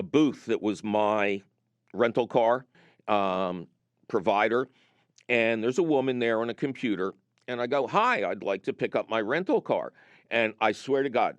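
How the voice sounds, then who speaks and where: A man's voice: on the low side, no echo, lo-fi sound. A middle-aged man hosting a call-in garden radio show, chatting and telling jokey stories. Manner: lively, jokey storyteller.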